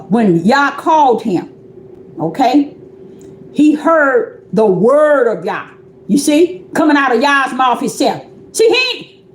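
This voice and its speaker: A woman's voice: sits high, echoey room, slight background noise. A woman preaching on a livestream, pressing her point with repeated rhetorical questions.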